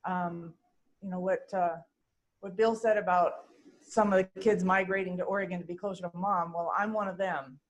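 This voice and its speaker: Emotional woman speaking softly at a eulogy. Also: on the low side, fairly even intonation, poor audio. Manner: soft, hesitant, with trailing pauses. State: emotional, holding back tears. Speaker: daughter speaking at mother's online funeral. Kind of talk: unprepared personal eulogy over video call. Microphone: video call.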